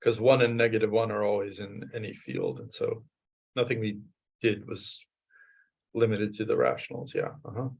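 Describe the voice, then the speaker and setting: Low, gravelly man explaining math slowly and haltingly, on dull lo-fi audio. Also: expressive. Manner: halting, slow, gives frequent short assents. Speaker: mathematician discussing research. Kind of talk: casual technical conversation.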